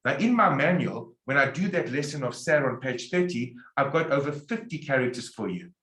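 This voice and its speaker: A man teaching a Spanish lecture, drilling example sentences slowly and emphatically. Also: mid-range voice, lively intonation, bright, forceful tone. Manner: slow, emphatic drilling with repeated example phrases. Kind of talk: recorded language lecture. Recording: echoey room.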